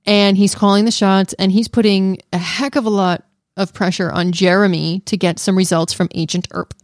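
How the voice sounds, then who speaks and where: Woman co-host, lively and playfully defensive, middle pitch, dry close recording. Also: moderate pace, no echo. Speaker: podcast co-host. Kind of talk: casual podcast chat.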